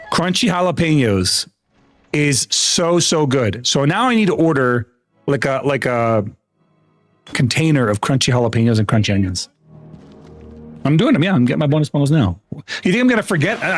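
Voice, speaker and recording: Animated, rambling, foul-mouthed American man. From United States. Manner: rambling, profane storyteller with lots of restarts; animated, often jumps up in pitch. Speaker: livestreamer. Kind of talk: casual live-stream chat while gaming.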